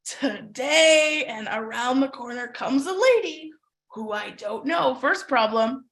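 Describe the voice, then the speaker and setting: A middle-aged woman from Canada telling a lively personal story in a webinar. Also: a little high, a little slow. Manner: animated storyteller who acts out voices. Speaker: webinar presenter.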